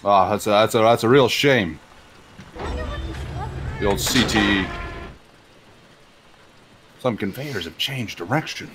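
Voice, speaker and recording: Low-voiced joking man commenting on gameplay. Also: slow, long pauses, noisy background. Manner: joking banter, mock-reads game text. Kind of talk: live-streamed gameplay chat. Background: game music.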